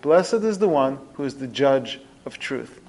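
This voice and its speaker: A man teaching a religious lesson through storytelling, with expressive, dramatic shifts in pitch and loudness. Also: unhurried. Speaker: rabbi teaching a podcast lesson.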